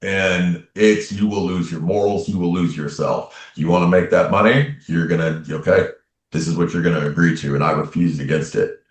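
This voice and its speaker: A man's voice: deep voice, fairly even intonation, moderate pace. A man, a podcast guest, earnestly telling a personal story in casual talk, often tossing in "man" and "right?". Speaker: podcast guest, medium and tarot reader. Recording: roomy echoey room.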